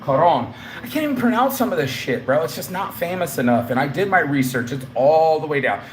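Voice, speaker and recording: Man, middle-aged, casual travel vlog, slangy and profane, laughs a lot, slightly high voice, faint background noise. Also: lively intonation, brisk. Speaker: vlogger.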